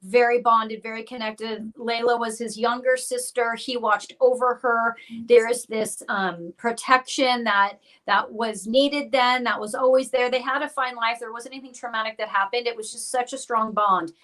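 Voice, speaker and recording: Psychic medium host, woman, higher-pitched, chatty and playful on a live stream. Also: fairly even intonation, moderate pace, few pauses, a bit bright, rough recording. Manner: chatty, playful, self-deprecating.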